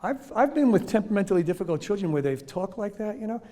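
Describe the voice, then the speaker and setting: Lively man giving a training talk. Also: high-pitched, fast talker. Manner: lively, acts out children's voices in quotes. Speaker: parenting and teaching workshop speaker.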